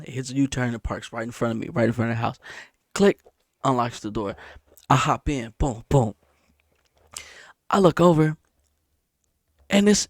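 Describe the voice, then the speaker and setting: A man casually telling a story about a dream, animated and repetitive, punctuating it with sound effects. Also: no echo, clean studio sound. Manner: animated, repeats himself, sound effects like boom. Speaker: vlogger.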